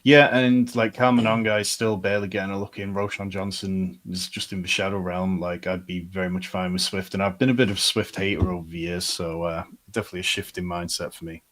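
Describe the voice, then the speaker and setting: A man co-hosting a live fantasy football advice show, weighing options in a measured, analytical way. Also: deep voice, steady tone, a bit bright. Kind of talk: live casual sports advice chat.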